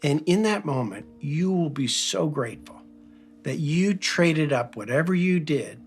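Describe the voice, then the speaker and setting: An American man hosting a faith-based talk, earnest and reflective, telling a personal story and slowing down to stress key phrases. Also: fairly high pitch, animated, faint music behind. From United States. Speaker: podcast host.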